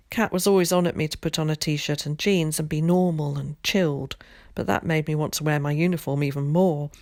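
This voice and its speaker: A woman teacher reads a children's novel aloud in a lowish voice, clear and measured. The sound is close and dry, with no room around it. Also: a little mellow, dry recording. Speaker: primary school teacher.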